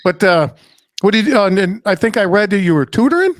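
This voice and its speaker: Casual podcast host, a man with a raised pitch, blunt and joking, dry close sound. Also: lively intonation, fast talker, dry recording. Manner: profane, blunt, joking, says dude a lot. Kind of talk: casual conversational interview.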